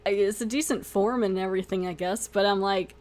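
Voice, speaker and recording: Brief: young woman podcaster, casual recap review, mid-range pitch, playful and expressive. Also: brisk. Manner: animated retelling, acts out the lines, laughs often. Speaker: podcast host.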